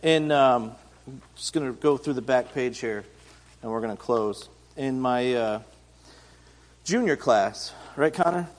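A man's voice: medium pitch, unhurried, long pauses. A man giving a casual, conversational sermon, retelling Bible stories in everyday speech. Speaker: pastor and teacher. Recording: reverberant hall.

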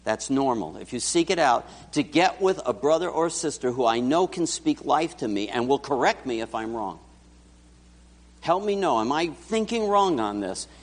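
Speaking at normal speed in a medium pitch, a pastor preaches with animation and keeps turning questions straight to his congregation. The sound has church hall reverb.

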